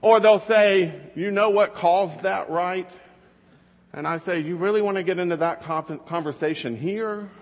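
A man's voice: high voice, measured pace. Fatherly pastor preaching in a reverberant hall. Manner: conversational storytelling with rhetorical questions. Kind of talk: sermon.

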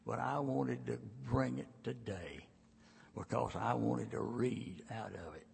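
A man in his sixties preaching a sermon in a church, telling the story in a folksy, dramatic way that swings between loud and hushed passages. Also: mid-range voice, measured pace, gravelly, slightly rough. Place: church sanctuary. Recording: long reverb of a large church.

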